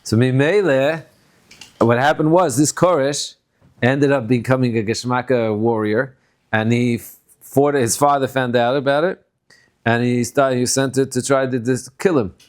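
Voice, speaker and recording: A man, a rabbi, giving a conversational Torah lecture. He sprinkles in Yiddish and Hebrew terms and acts out quotes with sudden high bursts. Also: moderate pace.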